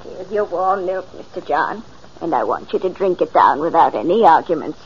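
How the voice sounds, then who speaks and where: An actress playing a fussing, gently bossy housekeeper in a 1940s radio drama. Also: female voice, lowish voice, lively intonation, normal speed, slight background noise, natural voice. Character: motherly housekeeper, fussing and caring. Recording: muffled old radio recording.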